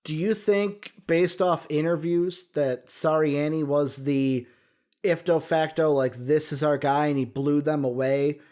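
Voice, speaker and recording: With a Chicago accent, a man co-hosts a laid-back sports talk show, thinking out loud and rambling with lots of fillers. His voice sits a little high, steady and darkish, and he doesn't rush.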